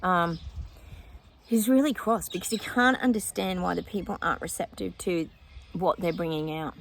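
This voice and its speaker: Woman psychic, gravelly low voice, chatty outdoor vlog, faint background noise. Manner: chatty, breaks off to talk to her dog. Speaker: psychic vlogger. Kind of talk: casual predictions monologue. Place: outdoors with a dog nearby.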